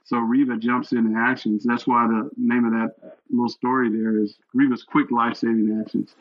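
Older male guest, earnest animated storyteller, mid-pitched voice, slightly dull lo-fi recording. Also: moderate pace. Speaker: guest, retired fire captain and chaplain. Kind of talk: storytelling interview.

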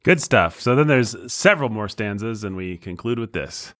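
A man's voice: on the low side, animated, moderate pace, fairly bright tone, no echo, studio quality. A man hosting a movie podcast in casual chat, playful and emphatic, leaning up on key words. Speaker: podcast host.

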